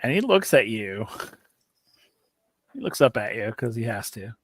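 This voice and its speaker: A man's voice: medium pitch, very animated, unhurried, a bit bright, breathy edge, no echo. A man running a tabletop game, describing scenes with many fillers and hedges. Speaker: game master.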